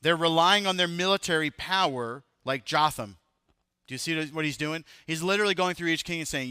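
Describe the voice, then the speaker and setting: A man's voice: on the high side, fairly quick, bright, forceful tone, clear, resonant tone, no echo, studio quality. A man in his thirties preaching a sermon as pastor, talking to the congregation in a loose, joking way. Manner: conversational, jokes with the congregation.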